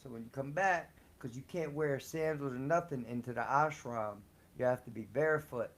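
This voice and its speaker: A man's voice: mid-range voice, moderate pace, a bit bright. A man casually telling personal stories, slangy and profane, laughing often. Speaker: storyteller on a live show. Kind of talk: casual storytelling.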